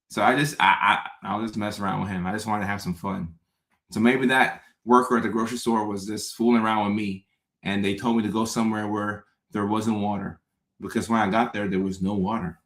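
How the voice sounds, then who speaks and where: Low-voiced man talking in an echoey room. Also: steady tone, a little fast, a bit bright. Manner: rambling, repeats himself, self-mocking asides. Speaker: show host. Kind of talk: casual monologue to an audience.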